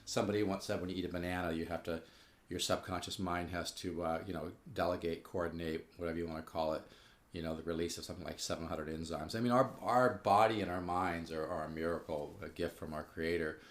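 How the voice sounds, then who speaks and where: A man's voice: low-pitched, fairly even intonation, quick pace. A man giving a casual spoken guitar lesson, rambling with fillers and restarts and growing enthusiastic. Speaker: guitar teacher. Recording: echoey room with guitar playing.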